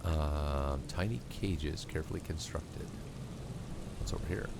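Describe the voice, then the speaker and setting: A man's voice: a bass voice, unhurried, creaky, heavy background noise. A man casually playing a video game, reading its text aloud with chatty asides. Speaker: gamer playing through a game. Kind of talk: casual let's-play commentary and reading aloud. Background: game music.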